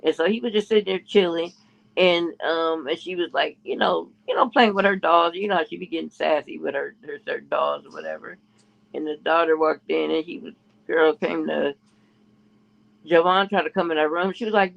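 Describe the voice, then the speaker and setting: On muffled lo-fi audio, a male podcast co-host tells a gossip story in a rambling way, restarting often and raising his voice to quote other people. His voice sits on the high side, creaky, at a normal speed.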